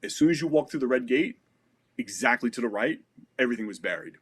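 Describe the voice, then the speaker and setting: A man's voice: mid-range voice, expressive, fast talker, fairly bright tone, slightly rough. A man in his thirties, a podcast guest, telling a story in a loose, casual way, full of "like" and "you know" and the odd swear word.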